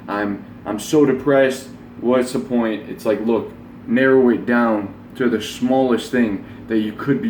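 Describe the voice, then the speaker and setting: A man's voice: mid-range voice, darkish tone, a little hiss or hum. A man in his twenties giving a blunt, rambling motivational talk and swearing freely. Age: 20s. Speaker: self-help vlogger. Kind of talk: casual motivational monologue. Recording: roomy echo, voice from the mic.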